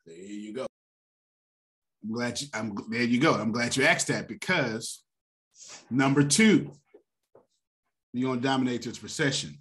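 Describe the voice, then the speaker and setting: A man hosting a motivational finance talk, animated and preacher-like, often laughing. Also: mid-range voice, a little slow, pauses often. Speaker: host.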